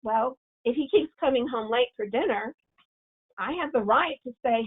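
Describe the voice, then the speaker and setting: A woman's voice: on the high side, moderate pace, slightly rough. A woman giving a parenting webinar, explaining with example scripts and often restarting her phrases. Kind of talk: webinar talk. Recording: phone-like remote audio.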